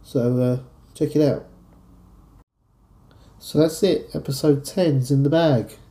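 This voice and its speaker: A man with a London accent hosts a podcast from a studio, talking casually with plenty of easy fillers. His voice is very dark and mellow. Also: mid-range voice, slow pace. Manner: relaxed, chatty, with fillers. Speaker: podcast host. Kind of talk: casual podcast chat and poem reading.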